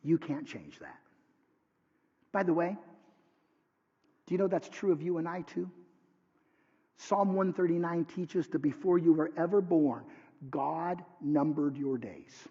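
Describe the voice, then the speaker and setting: A man who is a pastor, preaching a sermon with dramatic swings from hushed lines to near shouts. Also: a little high, unhurried, long pauses, slightly rough. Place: church sanctuary. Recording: dull sound with long hall reverb.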